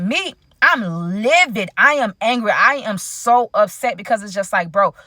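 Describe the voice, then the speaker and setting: Young adult woman vlogger, lively slangy storytime delivery, dead-dry room. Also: mid-range voice, normal speed, no echo. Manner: animated, slangy, addresses viewers as y'all. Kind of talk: casual storytime.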